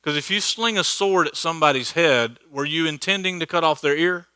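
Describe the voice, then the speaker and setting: Male Bible teacher, casual and jokey, crisp bright tone. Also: a little high, a little fast, no room sound. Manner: joking, laughs at his own asides. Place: church hall.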